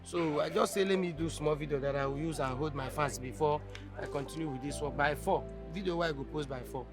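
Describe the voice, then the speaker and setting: Guy doing a loud young nigerian skit maker, high voice, music under it. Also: brisk, lightly acted. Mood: apologetic. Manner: hyped, loud addressing fans, pleading with boss. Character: brash young male bricklayer and content creator. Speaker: bricklayer who makes skits.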